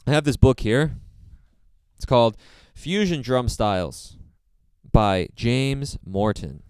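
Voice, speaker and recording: A man giving a casual drum lesson in a relaxed way, with plenty of fillers and repeated phrases. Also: lowish voice, smooth, dry recording. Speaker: drum teacher. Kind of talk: casual instructional talk.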